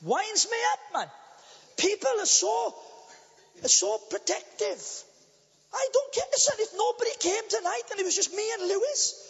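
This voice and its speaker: A blunt, impassioned Welsh man preaching from a church pulpit, his unusually high voice leaping up and down as he drives his points home. The sermon echoes with a long church reverb, and the recording is dull and lo-fi. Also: big pitch swings, normal speed, fairly bright tone. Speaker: pastor.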